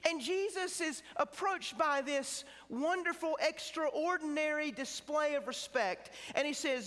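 A man preaching in a chapel, with a high voice and a bright, forceful edge. He leans hard on key words and draws them out slowly. Long reverb from the chapel hangs after each phrase. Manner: emphatic, slows down on key words. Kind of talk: sermon. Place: seminary chapel.

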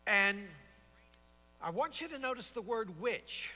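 Man, high-pitched and bright, preaching with emphatic repeated phrases; chapel reverb. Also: expressive, a little slow. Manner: expository, emphatic repetition. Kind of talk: sermon. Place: seminary chapel.

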